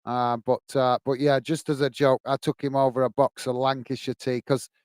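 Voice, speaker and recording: A man's voice: mid-range voice, little pitch movement, moderate pace, darkish tone, clear, resonant tone, dry recording. Chatty man hosting a match watch-along. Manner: chatty, rambling, frequent self-corrections and fillers; friendly, calls viewers "mate". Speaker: football watch-along host. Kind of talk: casual live match commentary and chat reading.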